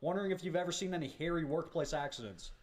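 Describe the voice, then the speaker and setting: A man's voice: fairly high pitch, fast talker. Laid-back male co-host. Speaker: podcast co-host reading listener questions. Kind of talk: casual chat.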